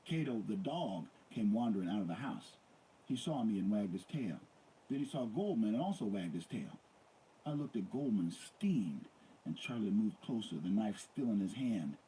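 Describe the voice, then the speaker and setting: A man's voice: lowish voice, very animated, normal speed, warm tone, a little hiss or hum, low-quality recording. A man reading a first-person story aloud in a dramatic, intense manner. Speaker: audiobook reader.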